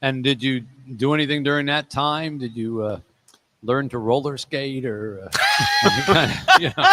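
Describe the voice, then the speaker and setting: A man's voice: medium pitch, normal speed, sharp tone. A man hosting a radio show, asking rambling, friendly questions with plenty of fillers. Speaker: radio host. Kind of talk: radio interview. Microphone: studio mic.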